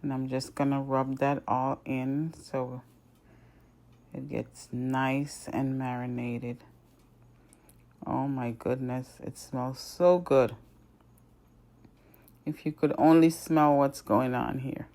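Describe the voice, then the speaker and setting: Woman, very deep voice, unhurried, casual cooking voice-over, step-by-step chatter. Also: flat delivery, dark tone. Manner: chatty, step-by-step, starts lines with "so now". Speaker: home cook and channel host. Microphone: voice-over recorded apart from the video.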